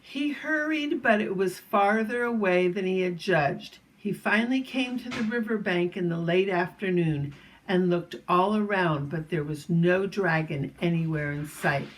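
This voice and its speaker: A woman reading a children's chapter book aloud, gentle and storytelling, with asides to young listeners. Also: on the low side, unhurried, low-quality recording.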